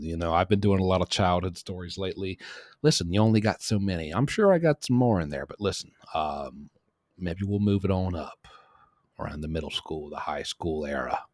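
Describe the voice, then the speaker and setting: A man hosting a podcast, telling a story casually in a rambling, animated way and correcting himself as he goes. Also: deep voice, no room sound, clean studio sound. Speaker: podcast host.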